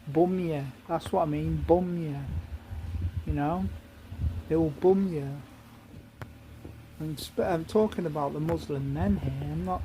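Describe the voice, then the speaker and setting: A man's voice: on the high side, background noise. A man ranting in an angry monologue, heated and repetitive, swearing often.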